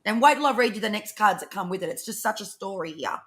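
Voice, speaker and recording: A woman doing a live tarot reading, talking fast and rambling, swearing freely as she goes. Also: mid-range voice, expressive, a bit bright. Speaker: tarot reader co-host.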